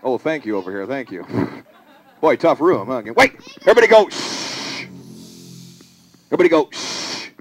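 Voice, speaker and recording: A puppeteer voicing a zookeeper at a live children's puppet show, animated and calling on the kids to join in. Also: mid-range voice, fast, rough recording. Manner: animated, calls on the audience to join in. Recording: live show with audience and music.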